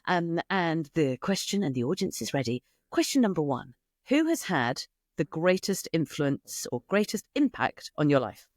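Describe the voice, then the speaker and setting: Animated British woman hosting a podcast. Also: sits low, normal speed, no echo, studio quality. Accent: British English. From Britain. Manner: playful and animated, jokes and laughs often. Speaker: podcast host. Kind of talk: casual interview chat.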